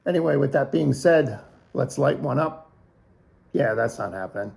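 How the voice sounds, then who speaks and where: A middle-aged man with a gravelly edge to his voice, talking through a fantasy football week in a relaxed, joking way. He pokes fun at himself and rattles off matchups, players and point projections, at an ordinary pitch for a man. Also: normal speed. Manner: jokey, self-mocking, rattles off picks and projections. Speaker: fantasy football league host. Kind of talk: casual weekly league preview.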